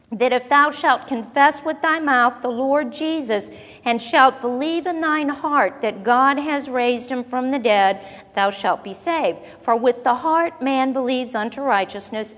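A woman's voice: high-pitched, fairly bright tone. Woman preaching in a reverberant hall. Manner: conversational, asks the congregation questions; slows down to read scripture aloud. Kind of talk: sermon Bible teaching.

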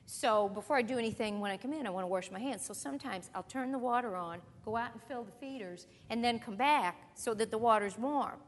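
A woman teaching a sermon in a conversational, emphatic way, slowing down on key phrases and drifting into chatty asides. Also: fairly high pitch. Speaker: Bible teacher. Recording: long hall reverb.

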